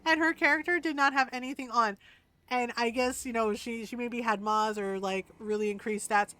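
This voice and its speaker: A woman's voice: on the high side, fairly even intonation, moderate pace, pushed and bright. A woman streamer chatting casually while gaming, laughing often and acting out quotes.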